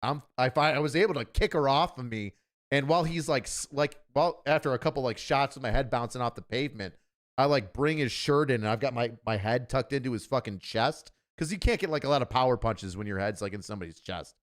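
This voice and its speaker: A man's voice: medium pitch, brisk. A man who is a former police officer, hosting and telling a story in a blunt, profane, casual way with joking asides. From Buffalo, New York area.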